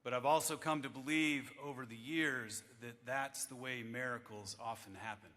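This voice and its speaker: A man in his fifties, a chaplain giving a devotional address to lawmakers in a wry, measured storytelling manner, at a podium microphone in a large chamber. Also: medium pitch, fairly even intonation, sharp tone. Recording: echoey hall with long reverb.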